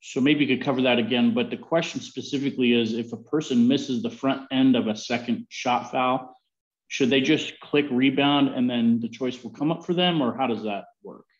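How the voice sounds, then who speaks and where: A man politely passes along audience questions during an online session. His voice is mid-pitched. The audio sounds dull and lo-fi. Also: normal speed. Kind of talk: webinar Q&A.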